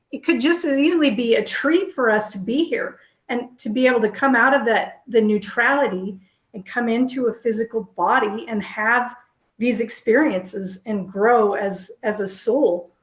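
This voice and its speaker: A woman co-hosting a casual spiritual discussion, talking enthusiastically in quick bursts with restarts. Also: fairly high pitch, reverberant. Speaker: co-host.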